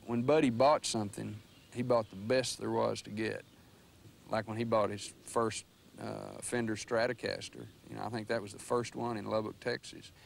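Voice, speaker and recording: A man's voice: fairly low pitch, little pitch movement, moderate pace, gravelly, a little hiss or hum. A former bandmate in his fifties, a man, reminiscing earnestly in an interview.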